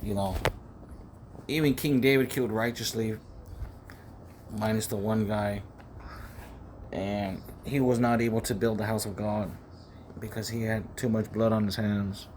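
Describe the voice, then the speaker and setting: Man, rambling solo preaching, repeats words, lowish voice, faint background hum, close mic. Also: fairly even intonation, measured pace, pauses often, darkish tone. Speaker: self-styled preacher. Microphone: close to the microphone.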